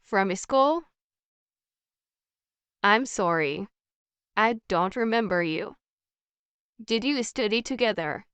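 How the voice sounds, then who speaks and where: A woman reading a scripted practice conversation in a slow, evenly paced, carefully articulated way. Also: on the high side, a bit bright, clear, resonant tone, dry recording. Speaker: English practice dialogue voice.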